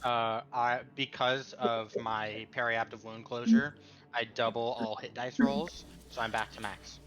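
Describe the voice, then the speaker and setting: A man playing in a tabletop game stream, speaking low-key with hesitant fillers. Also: fairly even intonation, a little slow, crowd noise. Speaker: player. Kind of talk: casual chat while gaming.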